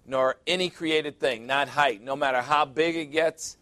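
A man preaching a sermon, stressing key words and often dropping low and quiet at the end of a point. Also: steady tone, measured pace, no echo. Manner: emphatic, repeating phrases for stress.

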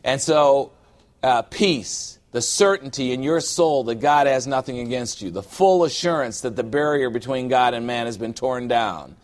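A man's voice: medium pitch, normal speed. A middle-aged man preaching a sermon as a pastor, conversational and humorous, acting out little scenes from everyday life.

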